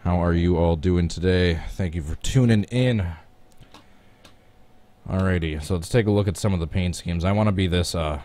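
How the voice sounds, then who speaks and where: A man with a low voice and a Midwestern American accent, hosting a casual gaming live stream. He keeps up a chatty flow and greets his viewers one by one by name. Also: moderate pace, dark tone.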